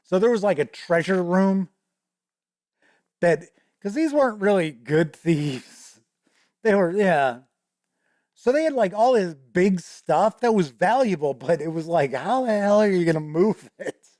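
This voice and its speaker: A man's voice: high-pitched, animated, measured pace, darkish tone, no room sound, clean studio sound. A man hosting a show, telling a rambling, casual story about running a tabletop game, often laughing and swearing now and then. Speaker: host.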